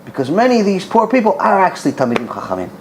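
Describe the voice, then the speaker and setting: A middle-aged man teaching as a rabbi, an animated storyteller who acts out dialogue and repeats words for emphasis. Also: high voice, rapid-fire. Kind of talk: Torah class with storytelling.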